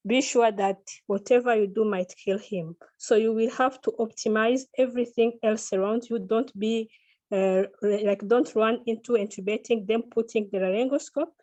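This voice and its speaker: A woman's voice: fairly high pitch, moderate pace, dark tone, muffled recording. A woman on a medical panel gives direct, practical advice about caring for critically ill patients. She speaks plainly and fills her sentences with uhs and likes as she works through each point. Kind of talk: expert panel discussion.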